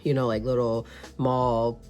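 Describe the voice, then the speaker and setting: Very low-voiced chatty woman vlogger. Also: little pitch movement, measured pace, darkish tone, soft background music. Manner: chatty, storytelling, addresses viewers as y'all. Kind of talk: casual vlog voice-over.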